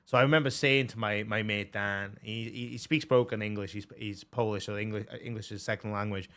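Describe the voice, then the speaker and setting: A young man chatting casually as a streamer, excitable and swearing a lot, with plenty of fillers. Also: lowish voice, brisk. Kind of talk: casual chat.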